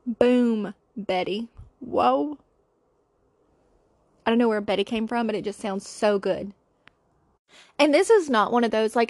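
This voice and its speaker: A woman hosting her own podcast tells funny family stories in a chatty, playful way, laughing and doing impressions. Her fairly high voice is a little mellow, with a measured pace and frequent pauses, recorded in studio quality with no room sound.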